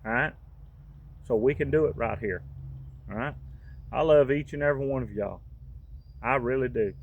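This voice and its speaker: A man's voice: medium pitch, moderate pace, vocal fry, phone-quality sound, a little hiss or hum. A man, from the United States, giving a fervent, folksy monologue to camera as a vlogger.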